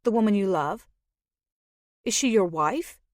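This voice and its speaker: A woman's voice: medium pitch, animated, unhurried, no echo, clean studio sound, natural voice. A woman voicing a proud, defiant young noblewoman in an audiobook, who speaks in an indignant and guarded way. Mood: wary. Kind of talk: audiobook character voice.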